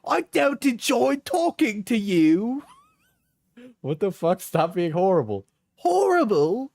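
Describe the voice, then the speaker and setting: A man putting on an exaggerated mock Cockney accent, voicing a shrill, bickering partner in a fight over text messages. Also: big pitch swings, vocal fry, darkish tone, no echo, full character voice. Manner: exaggerated, high, drawn-out, bickering.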